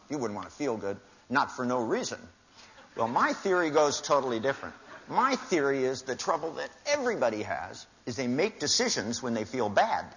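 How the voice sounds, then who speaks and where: Here the older seminar speaker has a medium-pitched, somewhat bright voice. Before a live audience in a large hall, he recounts wry anecdotes and switches voices to act out the exchanges, captured in a dull, lo-fi live recording.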